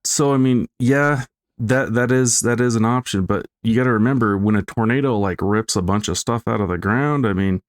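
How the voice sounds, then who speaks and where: A man's voice: mid-range voice, normal speed, dry recording, studio quality. A man co-hosting a podcast, talking casually and hesitantly in a rambling way. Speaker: podcast co-host. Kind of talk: casual chat.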